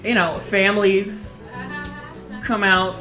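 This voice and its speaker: A man's voice: high-pitched, level tone, takes it slowly, reverberant, music in the background. A man telling a comic personal story on stage, self-mocking and often breaking into laughter.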